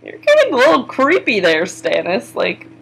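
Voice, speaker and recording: A young woman with a fairly high voice recaps a TV episode in a loose vlog. She rambles casually, leans on "like" and swears often, with bursts of excitement. A faint hiss of noise sits under the recording. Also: normal speed, creaky, poor audio. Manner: chatty, swearing, frequent "like", sudden excited exclamations. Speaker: TV episode reviewer.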